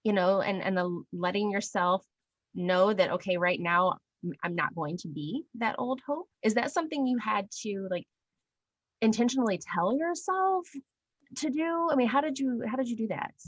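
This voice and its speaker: A woman interviewer asking gentle, halting questions. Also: medium pitch, expressive, dry recording.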